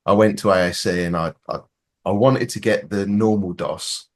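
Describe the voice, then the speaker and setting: A man's voice: low voice, steady tone, moderate pace. A Scottish man co-hosting a casual hobby podcast, chatting over a call with frequent restarts and casual swearing. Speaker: podcast co-host. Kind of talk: casual chat.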